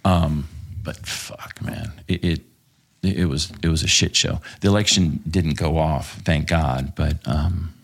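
A man's voice: a bass voice, fairly even intonation, measured pace, gravelly, hardly any pauses, husky. A man from Texas, telling war stories as a podcast guest, swearing freely and rambling with lots of fillers. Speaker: podcast guest, former police officer. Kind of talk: casual storytelling interview.

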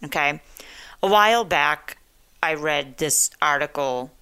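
Woman talk radio host, low voice, slow unhurried delivery, blunt and profane. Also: pushed and bright, clean tone.

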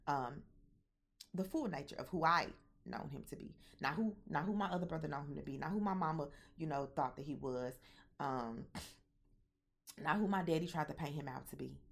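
A woman's voice: sits low, vocal fry, slightly rough. A young woman with a mixed Southern and Midwestern American accent, telling a personal story candidly and animatedly to her viewers, often swearing. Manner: candid, animated, profane, addresses viewers directly. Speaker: vlogger.

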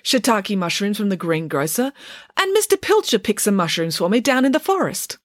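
A woman voicing an older female school cook who is proud and easily upset, speaking in a shrill, indignant way. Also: very animated, moderate pace, no echo, clean studio sound, natural voice. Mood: huffy.

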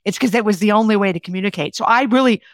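A woman's voice: medium pitch, rapid-fire, dry recording, studio quality. A woman author being interviewed as a guest, who speaks in an enthusiastic, emphatic and down-to-earth way. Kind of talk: conversational interview.

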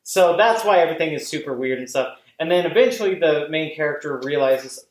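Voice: medium pitch, fairly quick, hardly any pauses, roomy sound, poor audio. A podcast host talking casually and animatedly, full of fillers and frequent swearing. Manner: rambling, animated, profane, many fillers. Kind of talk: casual chat.

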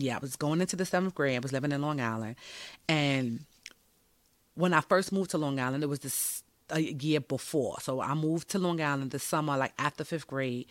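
Brief: woman host, candid and slangy, bright, forceful voice, dry close sound. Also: deep voice, dry recording. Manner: candid and animated, slangy, swears freely. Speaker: podcast host. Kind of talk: personal storytelling monologue.

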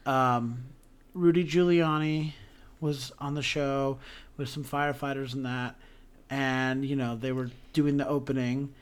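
A man co-hosting a podcast, talking about theater in an animated, emotional way with lots of restarts. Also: mid-range voice, measured pace, clean tone. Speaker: podcast co-host.

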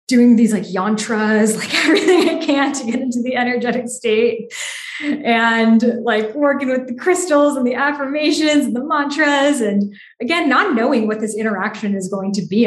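A young woman tells a personal story in a chatty way, saying "like" a lot and acting out the dialogue. Her voice is medium-pitched, and the sound is roomy.

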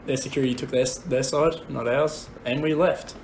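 A young man co-hosting a podcast, telling a pub story in blunt, profane, deadpan chat. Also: mid-range voice, moderate pace, slight background noise. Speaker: podcast co-host. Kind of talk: casual storytelling.

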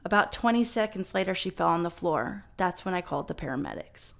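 Chatty woman with a lowish voice. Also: lively intonation, fairly quick, creaky, fairly bright tone. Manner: chatty, many fillers, swears. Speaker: podcast host. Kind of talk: casual storytelling chat.

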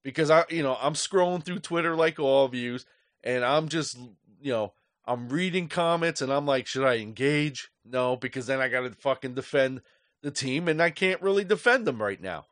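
A man's voice: medium pitch, expressive, moderate pace, fairly bright tone, dry recording. Middle-aged male podcast host, angry profane rant, dry recording.

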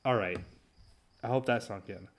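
A man's voice: on the low side, normal speed. A man hosting his own talk show, ranting sarcastically and mocking his opponents. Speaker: podcast host. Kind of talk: solo talk show commentary.

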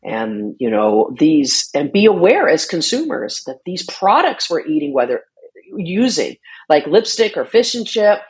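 Woman guest on an interview, lowish voice, earnest and explanatory, stumbles and restarts often. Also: sing-song, a little slow, slightly rough. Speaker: interview guest, shark conservation advocate. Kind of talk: conversational interview answer.

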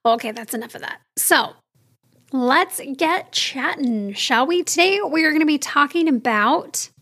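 High-voiced chatty woman podcast host. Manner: warm, candid and chatty, talks straight to listeners. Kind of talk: solo podcast monologue.

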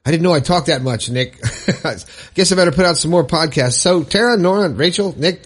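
Cheerful chatty man hosting a podcast. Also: fairly high pitch. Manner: cheerful, chatty, laughs at own jokes. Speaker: podcast host. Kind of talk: upbeat solo podcast talk.

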